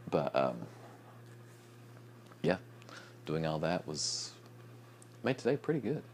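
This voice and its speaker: A young man chatting casually in a late-night vlog, sleepy and yawning, rambling with restarts and soft chuckles. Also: a bass voice, sing-song, slow pace, pauses often, slight background noise. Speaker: vlogger.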